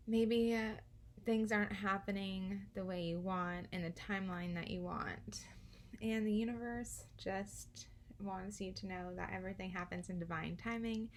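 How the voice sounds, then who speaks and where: A young woman talking through a casual card reading, chatty and giggly, dropping swear words with ease. Her pitch sits in a middle range. Faint noise runs under the recording. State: out of breath. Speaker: tarot card reader.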